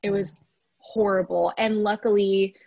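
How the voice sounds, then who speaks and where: A woman guest tells a personal story in a relaxed, chatty way, sprinkling in "like" and "you know". Her voice sits at an ordinary pitch for a woman. The recording is dry, with no room sound, and slightly dull. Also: measured pace, gravelly, no room sound. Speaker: podcast guest.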